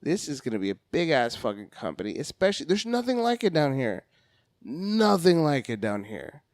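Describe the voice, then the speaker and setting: A man's voice: fairly high pitch, big pitch swings, moderate pace, dry recording, clean studio sound. A man on a podcast, a comedian chatting casually, hyperactive, cursing a lot and acting out phone calls in different voices.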